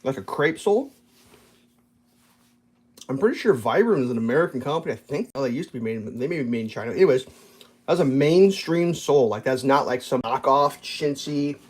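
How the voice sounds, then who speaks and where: A man speaks a little fast in an animated, medium-pitched voice. Hosting his own channel from a breakfast table, he rambles through a casual rant packed with swearing and fillers.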